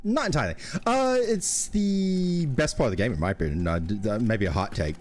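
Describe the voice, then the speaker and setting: A man streaming a horror video game and chatting with a friend, excitable and swearing, laughing often. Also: mid-range voice, brisk. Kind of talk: casual gaming commentary.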